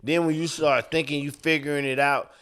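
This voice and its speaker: A stand-up comedian co-hosting a podcast, talking in a laid-back, slangy and profane way. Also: male voice, fairly high pitch, little pitch movement, a little fast, fairly bright tone, clear, resonant tone. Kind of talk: casual podcast chat.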